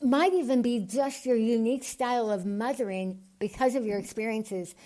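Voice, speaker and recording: A woman from the United States, a podcast guest, speaking with a lisp and an unusual voice altered by tongue surgery, earnest and animated. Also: fairly high pitch, normal speed. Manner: earnest, animated, gets excited. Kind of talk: podcast interview.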